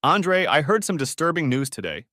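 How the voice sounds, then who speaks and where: A man's voice: on the high side, sing-song, normal speed, sharp tone, dry recording, voice pushed up. Stern let-down mom, a guy reading her part, short clipped answers, dry close sound. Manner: stern, curt. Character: stern disappointed mother of a teenage boy.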